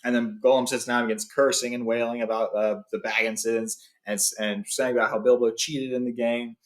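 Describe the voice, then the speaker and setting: A young adult man recounts a story in a loose, relaxed way, often stopping to restart his sentences and adding fillers. His voice sits at an ordinary middle pitch, and he shifts into plain reading aloud for some passages. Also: fairly quick. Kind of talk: casual story retelling and read-aloud.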